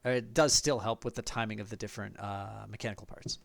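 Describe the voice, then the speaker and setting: A man's voice: on the low side, fairly even intonation, quick pace, gravelly. A man narrating as game master, explaining at length with apologetic asides.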